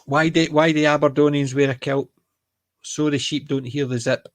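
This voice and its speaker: A man with a Glasgow accent, from Scotland, co-hosts an easygoing chat at a moderate pace, his voice a little high and steady in tone on a dry recording. He tends to ramble and joke, restarting sentences to correct himself.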